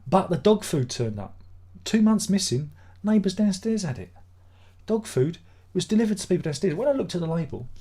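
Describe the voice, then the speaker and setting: A middle-aged man chats through a casual live stream, grumbling and swearing in exasperation as he rambles. His voice is mellow and dark, with a husky edge, at a middle pitch.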